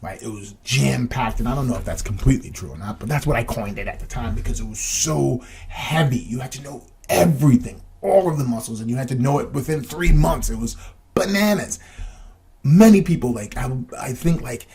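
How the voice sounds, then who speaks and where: A man's voice: medium pitch, expressive, brisk, vocal fry, darkish tone, a little hiss or hum. A man hosting a podcast, telling a personal story in a casual, rambling way and putting reflective questions to his listeners. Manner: casual, rambling, with many restarts and fillers. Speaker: podcast host.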